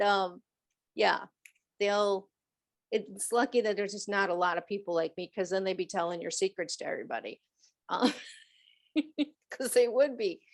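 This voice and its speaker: A middle-aged woman hosting a show about animal messages, talking casually, laughing often and slipping into playful voices. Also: medium pitch. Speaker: animal communicator host. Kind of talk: casual chat.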